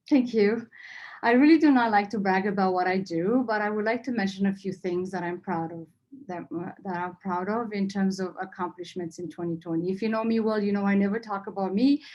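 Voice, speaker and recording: A woman's voice: medium pitch, brisk, darkish tone, highs cut off. A woman leading a nonprofit, giving an earnest, heartfelt annual meeting speech and fighting back tears. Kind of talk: emotional speech to members.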